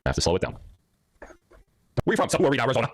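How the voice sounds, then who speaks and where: A man hosting a livestream, excitedly greeting viewers and reading out where they are from, with sudden high-pitched exclamations. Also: racing, dry recording, studio quality. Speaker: livestream host. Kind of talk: upbeat livestream chat, reading viewer locations.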